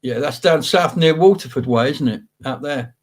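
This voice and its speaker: A man's voice: medium pitch, normal speed. A man from Wales hosting a casual live show, chatting and greeting viewers by name. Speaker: host. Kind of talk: casual live-stream chat.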